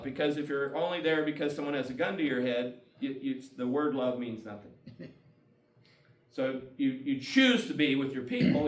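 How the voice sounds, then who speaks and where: A folksy man gives a casual talk at a community meeting and often chuckles as he makes his points. His voice sits a little high and is picked up from some distance. The room echoes, and soft guitar music plays behind him. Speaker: guest speaker.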